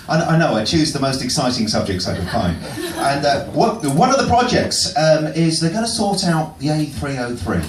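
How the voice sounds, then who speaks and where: A stand-up comic with a lively, up-and-down pitch and a dry, self-mocking delivery. He is recorded from the back of a pub room, so the sound is echoey and there is clear ambient noise. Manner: dry, self-deprecating, with chuckles. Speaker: stand-up comedian. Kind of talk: topical stand-up set. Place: pub comedy venue. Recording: roomy distant pub mic with noise.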